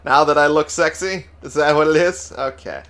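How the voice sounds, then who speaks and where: A man's voice: on the high side, moderate pace, a bit bright. Sarcastic, profane gamer guy. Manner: sarcastic, profane, talks back to game characters. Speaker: let's play gamer. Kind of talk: casual gameplay commentary.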